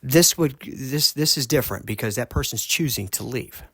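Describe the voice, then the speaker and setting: A man hosting a podcast, earnestly telling a personal story in a halting way, often restarting his sentences. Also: medium pitch, a bit bright, breathy edge, no room sound. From United States. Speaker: podcast host.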